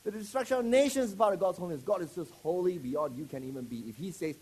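Animated higher-voiced male preacher. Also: quick pace, breathy edge. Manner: animated, joking, quizzes the audience. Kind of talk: sermon to a live congregation.

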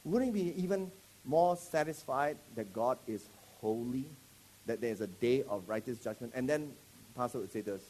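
A man preaching a sermon, animated and joking, quizzing his congregation with questions. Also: medium pitch, normal speed, a little hiss or hum.

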